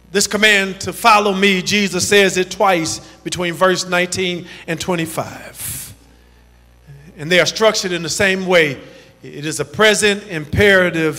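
Bright, high-voiced man preaching. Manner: emphatic, rhythmic preaching with repetition. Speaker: pastor. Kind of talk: sermon. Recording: long reverb in a large hall.

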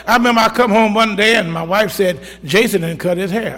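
A man's voice: sits high, fairly quick, a bit bright, big-room sound. An older man, a pastor, preaching a sermon in church, telling stories from his own life and punctuating them with amens. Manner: storytelling with call-outs of amen, folksy. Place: church sanctuary.

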